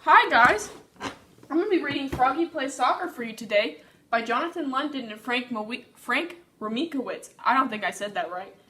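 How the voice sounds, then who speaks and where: A woman reading a children's book aloud in a cheerful, lively way, recorded in an echoey room. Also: high voice, normal speed, a little hiss or hum. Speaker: reader. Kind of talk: children's storybook read-aloud.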